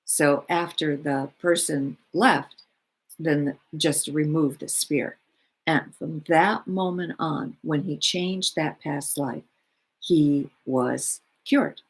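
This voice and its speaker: A woman who works as a spiritual healer, giving her weekly talk in an unhurried, rambling way with many fillers. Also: sits low, husky.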